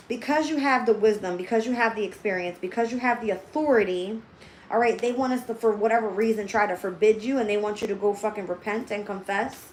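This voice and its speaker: A woman's voice: mid-range voice, roomy sound, slight background noise, poor audio. A woman giving a livestream tarot reading. She talks straight to her viewers, blunt and heavily profane, and thinks aloud as she turns the cards. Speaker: tarot reader.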